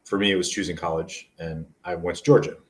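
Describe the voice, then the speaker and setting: Low-pitched and fast-talking, with fairly even intonation, this forty-something man from New Jersey is a motivational speaker on a casual interview. He tells stories earnestly and at length, his voice picked up at a distance from the mic.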